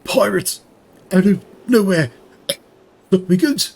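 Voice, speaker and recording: A wounded young soldier, panicked and short of breath, as a man puts him on. He blurts out warnings in a high, strained voice pushed well above a normal speaking voice. Every line comes out urgent and clipped. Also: takes it slowly, vocal fry, full character voice.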